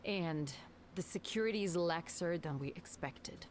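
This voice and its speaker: A woman's voice: on the low side, a little slow, a little hiss or hum, natural voice. A woman voicing a loyal, formal female palace guard captain in a game, speaking with deference. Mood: formal, pleading. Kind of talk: voiced game dialogue.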